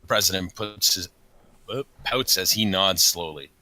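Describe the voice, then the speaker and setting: A man reading a comedic story aloud in a deadpan way. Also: deep voice, moderate pace, no room sound, rough recording. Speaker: reader.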